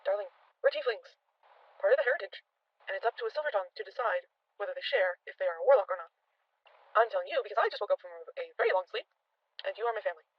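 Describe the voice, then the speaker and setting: A worn-out tiefling mother, blunt and dryly funny, fresh from a long sleep, put on by a fast-talking game master. She talks briskly and matter-of-factly, in a quick, dry-sounding voice, and sounds a touch louder than the storyteller's usual talk. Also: mid-range voice, expressive, dry recording, highs cut off, lightly acted.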